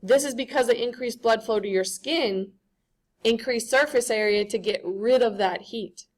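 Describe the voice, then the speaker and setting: A woman's voice: a little high, normal speed. A woman giving a classroom lecture, conversational and often checking in with the students.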